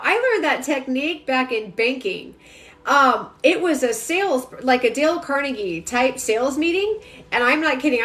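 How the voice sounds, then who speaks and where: A woman reads the energy of her viewers intuitively on a casual phone livestream, speaking rapidly and emphatically right to them. She has a fairly high pitch and a fairly bright tone.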